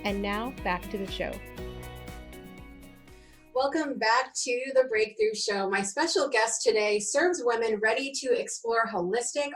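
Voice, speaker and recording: A chatty woman hosting a talk show, her voice sitting at an ordinary middle pitch. She laughs often and fills her talk with "like," over faint music in the background. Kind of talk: casual interview chat.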